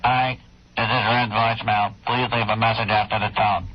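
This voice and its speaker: Man as voicemail recording, flat, lo-fi with faint hiss. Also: fairly low pitch, moderate pace, lightly acted. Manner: flat, repetitive recorded greeting. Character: recorded voicemail greeting machine. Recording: dull radio sound with faint noise.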